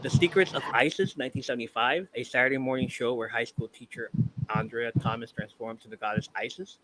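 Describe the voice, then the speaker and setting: A man's voice: mid-range voice, fairly even intonation, brisk, a bit bright, rough recording. A man hosting a casual podcast, counting down a ranked list in a loose, profane way and often trailing off to restart. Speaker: podcast host. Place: live-streamed podcast. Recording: clear background noise with clicks.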